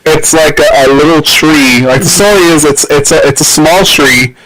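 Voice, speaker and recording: A man's voice: a little high, moderate pace, a bit bright, poor audio. A man on a podcast talking in casual chat, stopping and restarting as he searches for his words. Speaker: podcast co-host.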